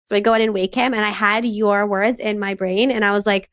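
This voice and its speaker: A woman in her thirties co-hosting a parenting podcast, telling a lively story about her morning and acting out her son's lines. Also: medium pitch, a little fast, hardly any pauses, dry recording, studio quality. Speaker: podcast co-host. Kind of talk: casual conversational podcast chat.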